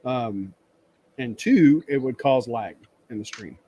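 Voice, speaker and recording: A man's voice: medium pitch, expressive, slow pace, warm tone, husky. Rambling man telling a laughing story. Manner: rambling storyteller, laughs often, acts out greetings. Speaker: livestream host. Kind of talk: casual chat. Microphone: webcam stream setup.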